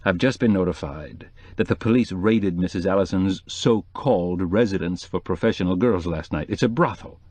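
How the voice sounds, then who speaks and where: A man voicing a stern, gruff male newspaper reporter in an audiobook. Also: sits low, moderate pace, few pauses, a little mellow, dry recording.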